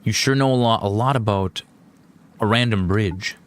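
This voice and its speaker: A man's voice: on the low side, normal speed, smooth, close to an everyday voice. A man voicing a grumpy, suspicious male mouse knight who speaks in blunt, cynical remarks.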